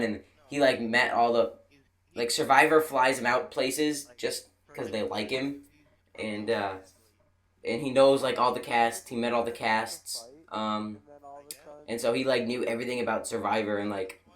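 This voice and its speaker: A man's voice: mid-range voice, fairly even intonation, normal speed, fairly bright tone. A young man telling a rambling travel story in a casual way, full of restarts and fillers, laughing at his own jokes. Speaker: video creator.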